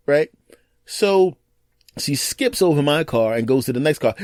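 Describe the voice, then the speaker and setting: A man hosting his own podcast, telling stories in a casual monologue and acting out other people's lines in quick put-on voices. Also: medium pitch, darkish tone, no echo, studio quality. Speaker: podcast host.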